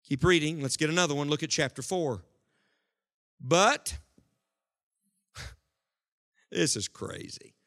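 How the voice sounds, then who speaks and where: A man preaching a sermon to a congregation, swinging between loud, forceful lines and hushed ones. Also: fairly high pitch, slow, pauses often. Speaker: evangelist. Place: church hall before a congregation.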